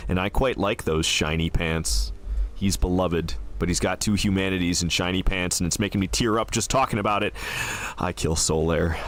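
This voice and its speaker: A man giving casual, jokey gameplay commentary, excitable and profane, laughing often. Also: low-pitched. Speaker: gaming YouTuber.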